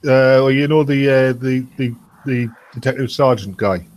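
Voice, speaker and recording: A man chatting casually with friends on a stream, halting and joking. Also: mid-range voice, darkish tone. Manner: halting, joking, trails off and restarts. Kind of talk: casual chat.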